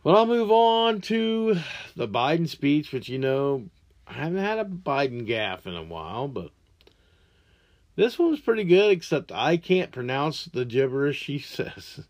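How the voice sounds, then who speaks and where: A podcast host with a drawl rants about whatever angers him, swearing hard and often. His voice sits a little high for a man, and his talk is crude and heated. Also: sing-song, measured pace. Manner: crude, angry, ranting with heavy swearing. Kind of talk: profane rant monologue.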